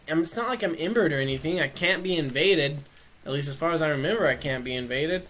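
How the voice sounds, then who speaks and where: Low-voiced woman joking through a game. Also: fast, a bit bright, slight background noise. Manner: playful, goofy, talks back at the game. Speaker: gamer. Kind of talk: casual let's play commentary.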